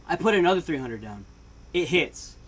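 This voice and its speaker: A man telling a comedic storytime, animated and casual, swinging between loud outbursts and hushed asides and laughing often. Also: fairly high pitch, slightly rough. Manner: casual slang and swearing. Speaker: vlogger.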